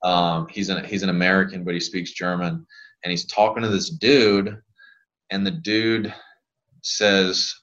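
A man, a physical therapist guest on a podcast, chatting casually and telling rambling, animated stories. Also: deep voice, measured pace, muffled recording.

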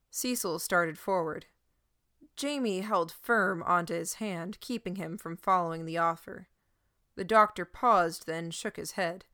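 A woman reading a first-person story aloud in a steady, even narrating manner. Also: fairly low pitch, measured pace, dry recording, studio quality. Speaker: audiobook narrator.

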